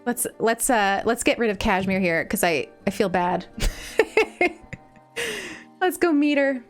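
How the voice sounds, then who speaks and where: A woman from Eastern Long Island with a Long Island accent, chatting casually on a live stream while gaming, rambling and breaking into excited squeals. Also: medium pitch, moderate pace. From Eastern Long Island, New York. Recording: game music playing faintly behind.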